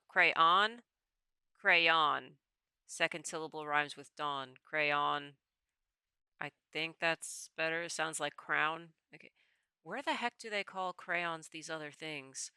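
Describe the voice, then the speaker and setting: Bright, crisp-voiced woman streamer. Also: low-pitched, normal speed, dry recording. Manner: thinks aloud, rambling, often corrects herself. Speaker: VTuber streamer. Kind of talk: casual chat while taking a quiz.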